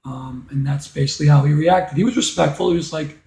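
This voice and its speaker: A man's voice: a little high, fairly quick, vocal fry, mellow. A man teaching a reading lesson, explaining step by step and asking rhetorical questions. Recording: echoey room.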